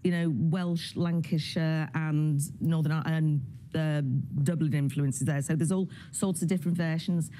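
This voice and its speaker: A woman guest on a studio interview, explaining accent coaching in a lively, demonstrative way. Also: low voice, measured pace, hardly any pauses, a little hiss or hum.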